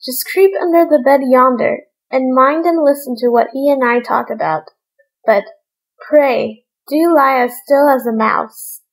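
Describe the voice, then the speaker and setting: A woman voicing a clever young princess held captive by a giant, speaking gently and coaxingly in a read-aloud fairy tale. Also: high-pitched, a little slow, rough recording.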